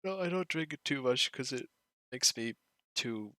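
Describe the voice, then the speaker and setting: A man's voice: mid-range voice, animated, moderate pace, pushed and bright, no room sound, clean studio sound. A man with an Irish accent, hosting a stream, chatting casually and easily and laughing often as the session winds down. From Ireland. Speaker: game master and stream host. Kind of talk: casual chat at the end of a stream.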